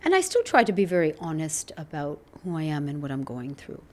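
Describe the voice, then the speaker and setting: A middle-aged woman speaks as a podcast guest in a low, earnest voice. She sounds reflective and laughs often. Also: wildly swooping pitch, brisk. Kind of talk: candid podcast conversation.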